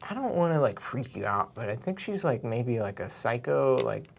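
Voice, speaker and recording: A man voicing a shy, awkward teenage boy who speaks haltingly, full of "like". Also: mid-range voice, sing-song, vocal fry, slight background noise. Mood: nervous. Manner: halting, hesitant, heavy on "like".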